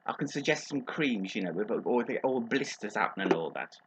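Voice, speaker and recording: Against a noisy background, a man with a lowish voice speaks animatedly and a little fast. He's doing a comic advice monologue as a gossipy middle-aged Birmingham agony aunt, full of innuendo and calling people darling.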